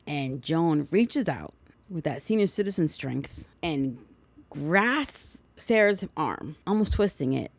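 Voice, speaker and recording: A woman's voice: lowish voice, very animated, unhurried, gravelly, no echo. A woman hosting a film recap podcast, retelling the plot casually with sarcastic asides and acted-out quotes. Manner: chatty, sarcastic asides, acts out lines from the film.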